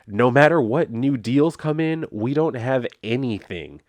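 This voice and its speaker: A man's voice: mid-range voice, lively intonation, unhurried, dry recording, voice pushed up, natural voice. A man voicing an angry husband caught in debt, defensive and scolding as he reads a comic aloud. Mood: quiet confession. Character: angry cornered middle-aged husband in debt.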